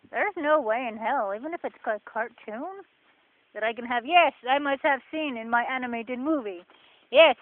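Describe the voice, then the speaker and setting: A woman with a New Jersey accent, rambling sarcastically in a casual vlog while walking a forest path. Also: sits high. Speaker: vlogger. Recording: tinny phone-like sound with faint noise.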